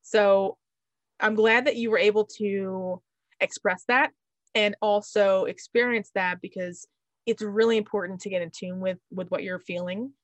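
A woman hosting a podcast, talking in a relaxed, reflective, chatty way. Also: mid-range voice, measured pace, no echo. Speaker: podcast host. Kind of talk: casual podcast chat.

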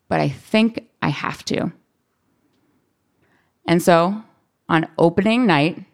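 A woman tells a story from her school days to an audience, slipping into voices for the people she quotes and laughing along. Her voice sits a little low and comes through smooth and clear. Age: adult. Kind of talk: live storytelling.

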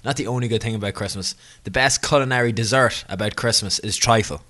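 A man's voice: lowish voice, fast, pushed and bright. A man co-hosting a podcast, chatting casually in a rambling, jokey way and correcting himself as he goes. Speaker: podcast co-host. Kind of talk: casual chat.

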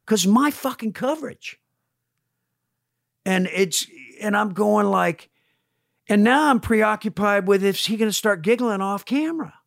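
A man in his sixties, an actor guest, telling animated stories in a casual podcast interview, sometimes swearing. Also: sits high, measured pace, gravelly, dry recording, clean studio sound. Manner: animated storyteller, swearing, acts out quotes. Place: podcast studio. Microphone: studio headphones and mic.

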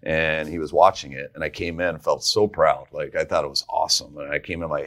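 A man with a very low voice, speaking as a guest coach on a talk podcast. He tells stories in a relaxed, conversational way, starting sentences over and laughing as he goes. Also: a little fast. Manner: conversational, with frequent restarts and laughs while telling stories. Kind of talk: casual storytelling.

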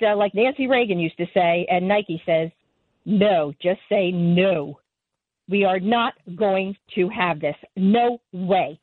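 A woman's voice: medium pitch, no room sound. Lady caller on a tinny phone line, firm and insistent, dry sound. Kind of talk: call-in to talk radio.

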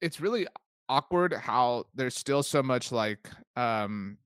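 A man co-hosting a sports podcast in casual chat, talking loosely with many fillers and quick laughs. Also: medium pitch, lively intonation, fairly bright tone, smooth, no echo, studio quality. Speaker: podcast co-host.

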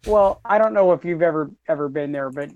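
A man's voice: fairly high pitch, fairly quick, no room sound, phone-quality sound. A man in his thirties co-hosting a casual podcast, rambling and repeating words, laughing often. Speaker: podcast co-host.

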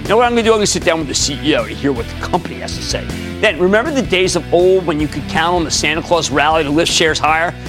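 A man in his sixties hosting a stock market show, delivering commentary and answering callers in an emphatic way, dropping from loud to hushed. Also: on the high side, animated, over music. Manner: emphatic, rapid shifts between loud and hushed.

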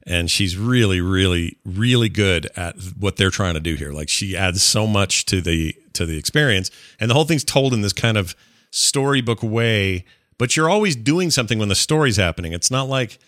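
An enthusiastic man in his forties talks casually through a game, with a lowish voice. He rambles, restarts, and piles up praise. The sound is dry and close, with no room around it. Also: lively intonation, normal speed, a bit bright, dry recording. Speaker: podcast host reviewing a game. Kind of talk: casual chat.

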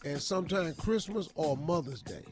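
A man co-hosting a radio advice segment, joking loudly in casual talk and tired after a sleepless night. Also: fairly high pitch, animated, normal speed, soft background music. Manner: loud, joking, informal Southern Black English phrasing. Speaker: radio co-host giving advice.

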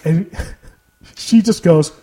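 A man's voice: high voice, drawn-out words, slightly rough. A man co-hosting a podcast in casual chat, telling stories with lots of laughter and mocking asides. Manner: animated, laughs often, mocking storyteller. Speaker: podcast co-host.

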